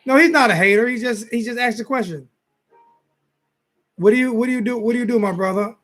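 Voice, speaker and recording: His voice extremely high, fairly quick, and a bit bright, a man in his forties hosts a relaxed late-night sports talk stream with faint music behind him. Worn out, he rambles and repeats himself while chatting directly with viewers.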